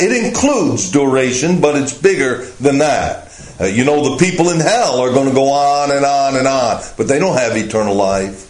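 A man teaching a Bible lesson as pastor, speaking slowly and deliberately with frequent "uh" fillers. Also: a little high, echoey room, rough recording.

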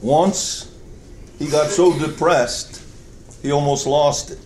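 A man's voice: on the high side, steady tone, slow pace, darkish tone, a little hiss or hum. A male preacher delivering a sermon, telling a story with emphatic, storytelling delivery. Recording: echoey church hall.

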